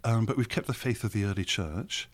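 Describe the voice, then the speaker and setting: A man's voice: fairly low pitch, a little fast, no echo. A middle-aged man with an English accent, a theology professor being interviewed on a podcast, who speaks thoughtfully, laughs easily and checks in with his listener. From England.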